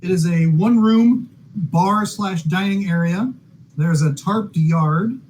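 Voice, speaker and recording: Slow, high-voiced man running a tabletop game. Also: a little mellow, slight background noise, rough recording. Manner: halting, many fillers and restarts. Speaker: dungeon master.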